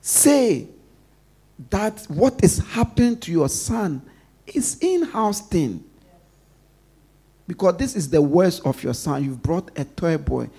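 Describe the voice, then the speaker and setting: A man's voice: high voice, lively intonation, slow, creaky, pauses often, breathy edge. Emphatic man preaching a call-and-response sermon. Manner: call-and-response, leaves questions for the congregation to finish; emphatic, swings between loud stresses and soft asides.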